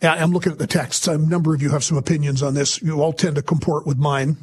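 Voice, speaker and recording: A man hosting a talk radio show, giving emphatic, sarcastic commentary with sudden jumps in pitch. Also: brisk, a little mellow, slightly rough.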